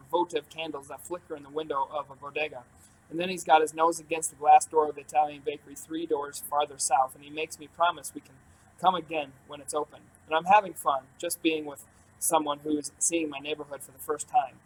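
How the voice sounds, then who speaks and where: A man narrating an audiobook in the first person, calm and steady. His voice is a little higher than most men's, and faint room ambience sits behind him. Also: a little hiss or hum, rough recording. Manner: calm, even storytelling.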